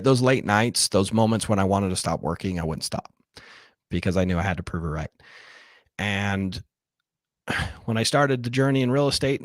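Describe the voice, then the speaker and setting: A man's voice: medium pitch, no room sound, studio quality. A man, a real estate investor and coach, telling his story earnestly and candidly in a podcast interview, openly emotional.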